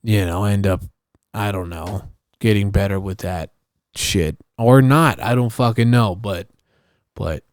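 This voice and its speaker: A man's voice: lowish voice, a little slow, a little mellow. A young man ranting on his solo podcast in a casual, profane, rambling way, often restarting his sentences. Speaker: podcast host.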